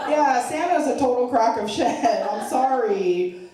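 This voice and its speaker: At a charity event hall, a middle-aged woman with a fairly high, expressive voice does a stand-up set, taking it slowly, chatting and poking fun at herself while laughing at her own jokes. The room is echoey, the mic far off, and crowd noise is audible.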